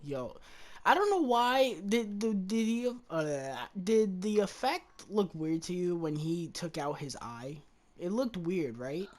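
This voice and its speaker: A woman's voice: on the low side, expressive, slow, darkish tone. A woman hosting a podcast, chatting loosely about a movie, swearing freely and trailing off. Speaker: podcast host. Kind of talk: casual movie review chat.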